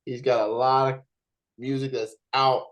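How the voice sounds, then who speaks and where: An easygoing American man hosts a casual interview. His voice sits at an ordinary middle pitch, and he pads his talk with drawn-out fillers and chuckles. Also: level tone, highs cut off. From United States. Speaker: host.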